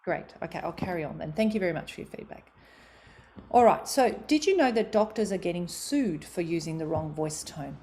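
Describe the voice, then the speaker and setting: A woman's voice: fairly low pitch, lively intonation, fairly quick, mellow, a little hiss or hum. A middle-aged Australian woman giving a motivational talk on communication, acting out quoted voices with expression. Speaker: speaker on communication.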